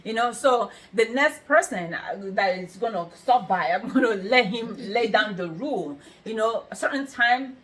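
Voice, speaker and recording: A middle-aged woman hosting a casual chat, telling a story in a lively way, quoting people and throwing in exclamations. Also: on the high side, moderate pace, few pauses.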